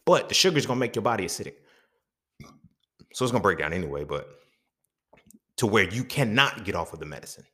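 A man's voice: lowish voice, very animated, fast, pauses often, pushed and bright. A man hosting a podcast, talking in a casual, profane monologue full of rhetorical questions. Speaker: podcast host.

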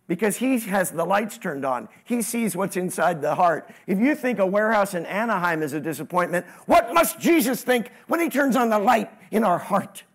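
A man with a high, light voice delivers a sermon. He preaches in an animated way, his voice jumping up and getting louder, and he keeps putting questions to the congregation. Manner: animated preaching, sudden rises in pitch and volume, asks the congregation questions. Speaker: pastor.

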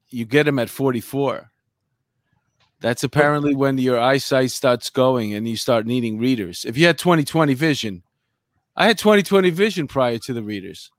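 A man's voice: mid-range voice, moderate pace, no room sound, studio quality. A man in his fifties hosting a casual chat, telling stories in a talkative way with restarts. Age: 50s. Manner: storytelling, chatty with many restarts.

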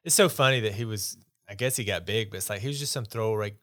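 A man's voice: fairly low pitch, quick pace, fairly bright tone. A man hosting a casual podcast chat, talking in an opinionated, rambling, dismissive way. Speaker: podcast host.

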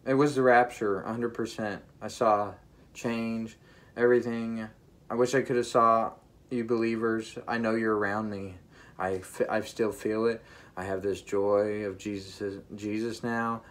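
Man, lowish voice, earnest, emphatic, halting restarts, personal testimony to viewers. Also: fairly even intonation. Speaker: vlogger sharing a vision.

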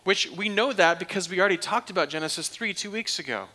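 A man preaching a sermon as pastor, animated, swinging from loud emphatic questions down to a hushed near-whisper and repeating phrases for emphasis. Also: high voice, quick pace, hardly any pauses.

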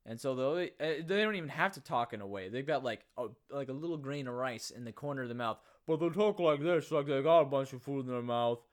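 A man chatting casually with friends, joking and rambling, now and then bursting into loud mock-angry impressions. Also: medium pitch, expressive, quick pace, hardly any pauses, clear, resonant tone. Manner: jokey, bursts into shouted impressions. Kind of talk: casual chat.

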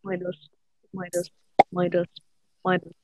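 A woman's voice: on the low side, completely flat delivery, unhurried, a little mellow, no room sound. A woman with a British accent co-hosting a podcast, playful in a casual chat over a voice call. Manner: playful, repeats words for fun. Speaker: podcast co-host.

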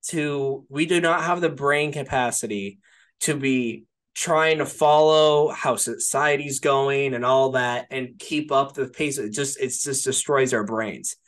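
A man's voice: medium pitch, unhurried, fairly bright tone. Male podcast co-host, casual and rambling, heavy on filler and "right?" checks, swears offhand. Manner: rambling, peppers speech with "like" and "right?". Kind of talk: casual film discussion.

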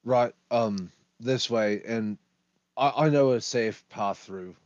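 A man's voice: medium pitch, slow, darkish tone, no room sound, lightly acted. A smug, sauntering rogue who drawls with little hesitations, as a man voices him in a tabletop game. The voice comes through a dry, dull recording. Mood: reassuring.

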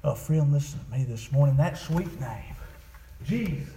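A preacher, a man with a high voice, preaching in a church. He moves between low, hushed phrases and loud, ringing shouts. The sound is echoey. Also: animated, normal speed, far from the mic, a little hiss or hum. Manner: rhythmic, swings from quiet to shouting. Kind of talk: sermon.

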